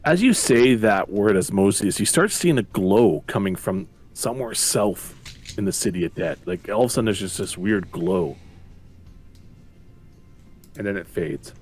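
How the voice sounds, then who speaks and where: A man running a tabletop game as game master, narrating in a laid-back, halting way with fillers. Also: on the low side, animated, darkish tone, husky, faint music behind.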